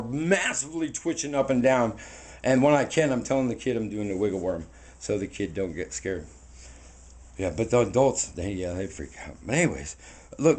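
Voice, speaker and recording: A man's voice: medium pitch, darkish tone. A man in his forties talking casually to a handheld camera while walking outdoors, rambling and earnest, repeating words as he preaches. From United States. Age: 40s. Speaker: vlogger. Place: outdoors on foot. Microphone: handheld camera mic.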